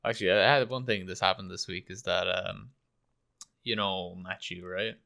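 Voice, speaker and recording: A young university student in casual chat, relaxed and swearing casually. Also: male voice, low-pitched, moderate pace, creaky. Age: young adult.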